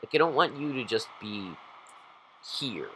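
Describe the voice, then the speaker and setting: Man, gaming commentary, excitable and rambling, lively pitch, bright voice. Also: a little slow, slight background noise, poor audio. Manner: rambling, excitable, talks to viewers. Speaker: gaming YouTuber. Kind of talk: gameplay commentary.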